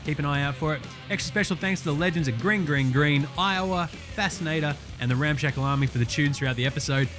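A man's voice: fairly high pitch, fast, few pauses, music in the background. An Australian man hosting a podcast, swearing and joking through casual sports chat. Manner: profane, joking banter. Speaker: podcast host.

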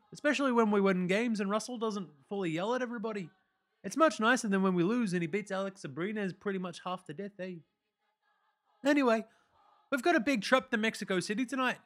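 A man's voice: high voice, fairly quick, fairly bright tone, pitched above the performer's own voice. A man voicing a laid-back young New Zealand sportsman reading his diary aloud, with a put-on New Zealand accent and a drawl that tacks "eh" and "bro" onto his lines. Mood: easygoing.

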